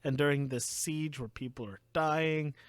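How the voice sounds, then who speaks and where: A young man retells an anime episode in a relaxed podcast chat, chuckling as he goes and acting out snippets of the characters. His voice sits a little high. The sound is dry and close. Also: clear, resonant tone, no room sound. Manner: laughs often, acts out characters in quick bits. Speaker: podcast co-host. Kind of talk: casual anime recap chat.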